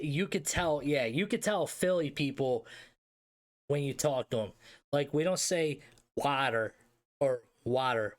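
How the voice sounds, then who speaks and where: A man with a Philadelphia accent talks through a live stream in a relaxed, slangy way. He drops swear words and answers his chat as he goes. His pitch sits at an ordinary middle level for a man. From Philadelphia area, US. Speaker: streamer host ranking hockey league teams. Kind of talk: casual live-stream commentary.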